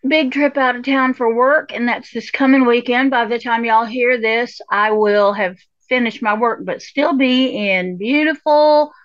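A woman's voice: on the high side, measured pace, hardly any pauses, no room sound. A woman co-hosting a podcast in casual chat, folksy and swearing casually. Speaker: podcast co-host. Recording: slightly dull lo-fi sound.

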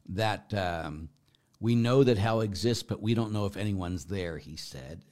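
Low-voiced rambling priest. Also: male voice. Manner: warm, rambling, self-deprecating, with frequent fillers. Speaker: priest hosting a live stream. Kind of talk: live-stream Q&A, reading chat comments.

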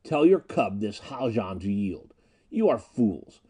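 A sly, sardonic pirate captain from an old space adventure tale, as a male narrator voices him, coaxing and mocking by turns. The voice is mellow and unhurried, with a pitch that rises and falls freely. He sounds sure of having the upper hand. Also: very animated, heavily acted. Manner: mocking, smooth and persuasive.

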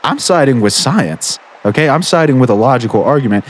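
A man's voice: medium pitch, animated, fairly quick, breathy edge. A man hosting a comedic call-in show, arguing patiently and tripping over his words. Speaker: radio show host.

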